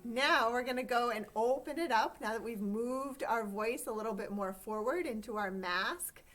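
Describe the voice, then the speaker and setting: A woman teaching a choir, giving calm, step-by-step instructions for breathing and vocal warm-ups. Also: fairly high pitch, normal speed.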